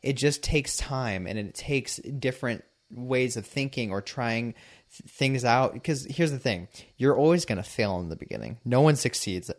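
Man, mid pitch, relaxed opinionated talker, casual chat. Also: normal speed. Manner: relaxed, opinionated, says "like" often.

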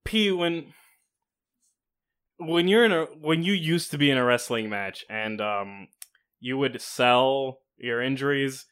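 A man's voice: mid-range voice, slow pace, fairly bright tone, smooth. A man co-hosting a comedy podcast, eager and rambling, often laughing. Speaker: podcast co-host. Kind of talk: improvised comedy chat.

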